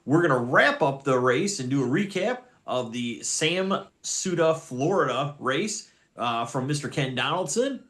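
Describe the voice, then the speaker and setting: A man's voice: medium pitch, sing-song, moderate pace, hardly any pauses, fairly bright tone. A man hosting a motorsport podcast, reading the intro, sign-off and sponsor plugs in an upbeat announcer manner. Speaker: podcast host.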